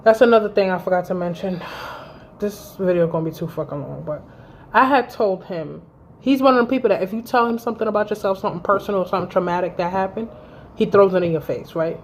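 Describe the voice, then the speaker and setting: A woman around thirty telling a story to camera in a vlog, blunt and animated, with heavy swearing. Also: mid-range voice, fast talker, slight background noise. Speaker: vlogger. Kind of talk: storytime vlog, recounting a fight.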